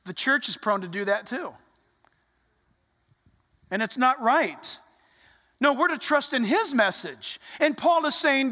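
A pastor preaching a sermon in a church, animated, acting out voices and dropping to quiet asides. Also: high-pitched, unhurried, pauses often, long reverb tail.

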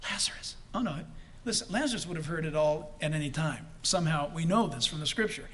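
A male pastor preaching a sermon with animated delivery, shouting the quotes he acts out and laughing often. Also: fairly high pitch, normal speed, a little hiss or hum.

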